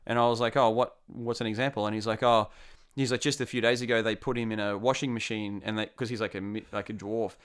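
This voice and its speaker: A young Australian man telling a casual anecdote, acting out the quotes in a lively way. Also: on the low side, quick pace, clear, resonant tone. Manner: animated, acts out quotes. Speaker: storyteller guest.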